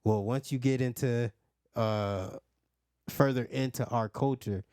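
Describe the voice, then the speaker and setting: A man's voice: mid-range voice, steady tone, measured pace, a little mellow, smooth, dry recording, studio quality. A man co-hosting a podcast, explaining his view in a laid-back casual chat. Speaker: podcast co-host.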